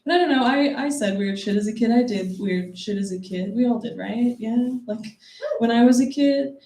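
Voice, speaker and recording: A woman's voice: on the high side, moderate pace, dark tone. A young woman performing a stand-up comedy set, self-deprecating and often breaking into giggles. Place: comedy club stage. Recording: echoey room, heard from a distance, audible noise.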